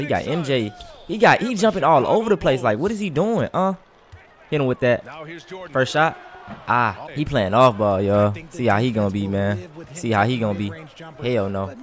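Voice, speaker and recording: A man gives excitable, trash-talking commentary while playing a basketball video game, swearing often. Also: fairly low pitch. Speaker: gaming streamer. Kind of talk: casual gameplay commentary.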